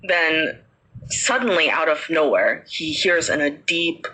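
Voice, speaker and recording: A woman tells a ghost story in a chatty, casual way, with many fillers. Her voice is bright and a little husky. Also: deep voice, animated, takes it slowly, poor audio. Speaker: podcast host.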